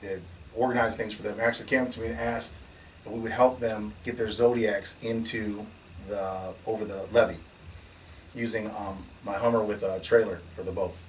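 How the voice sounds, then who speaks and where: Animated man telling stories, far mic. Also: on the low side, moderate pace. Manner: animated, laughing, restarts and acts out quotes. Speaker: security company founder, guest. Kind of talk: casual storytelling conversation. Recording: distant mic with faint noise.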